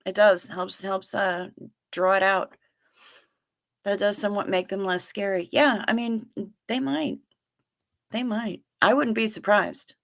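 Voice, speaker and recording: This woman's gravelly, medium-pitched voice moves at a measured pace with fairly even intonation and frequent pauses. Hosting a chatty, folksy livestream, she reads comments, greets viewers by name, calls them honey, and hums or sings doo-doo fillers.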